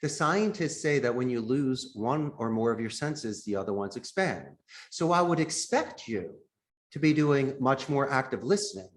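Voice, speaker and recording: A man's voice: mid-range voice, expressive, moderate pace. A man who founded a call center, a podcast guest explaining phone sales techniques and acting out sample calls as he goes.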